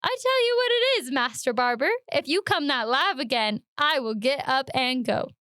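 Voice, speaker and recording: A woman voicing a blunt, gruff seafaring man in a dramatic read-aloud, speaking loud and indignant. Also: high voice, animated, normal speed, dry recording.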